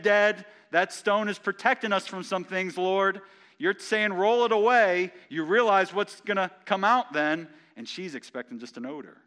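A man's voice: mid-range voice, a bit bright. Male pastor, sermon reading with commentary, rises for emphasis. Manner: reads scripture aloud and comments on it, rising with emphasis.

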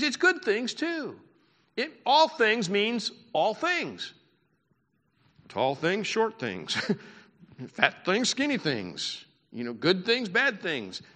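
A man preaching a sermon from a church pulpit, talking to his congregation in a loose, conversational way with the odd laugh. His voice is fairly high and bright, with a pressing edge. The sound carries a long, reverberant hall tail. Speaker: pastor.

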